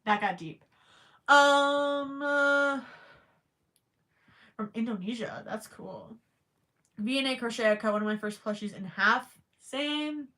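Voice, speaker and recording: Medium in pitch, a bit bright and at a moderate pace, this woman hosts a crochet live stream. Her chat is casual and thought out loud, full of stammered restarts, and her voice cracks from hours of talking.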